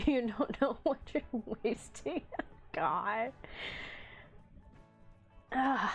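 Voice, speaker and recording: A woman's voice: fairly high pitch, expressive, extremely slow, long pauses, husky, faint music behind. A woman hosting a livestream in casual chat, reading the live chat aloud with playful teasing and frequent laughter. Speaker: livestream host.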